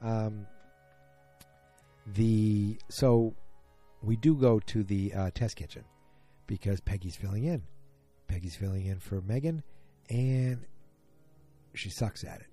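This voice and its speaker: A man's voice: fairly low pitch, slow, long pauses, dark tone, faint music behind. A man casually recapping a TV episode, rambling with lots of fillers and restarts.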